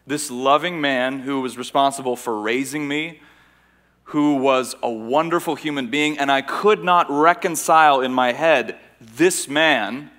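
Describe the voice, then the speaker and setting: A man raised in Austria giving a conference talk to a live audience, telling a story in an earnest, measured way with dramatic pauses. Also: fairly high pitch, sharp tone. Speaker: conference speaker. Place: large church hall.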